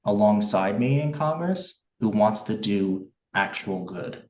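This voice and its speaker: A man's voice: fairly low pitch, lively intonation, unhurried, a little mellow, echoey room, far from the mic, rough recording. A man running for office, answering interview questions earnestly and passionately, with frequent restarts and fillers. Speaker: write-in congressional candidate.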